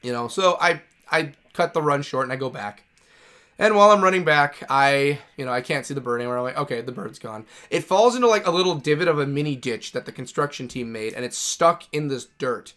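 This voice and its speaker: Gaming streamer, man, slightly high and bright voice, rambling casual storyteller who swears a lot. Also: animated, a little fast. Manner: rambling, self-correcting, swears freely. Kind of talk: casual storytelling while playing.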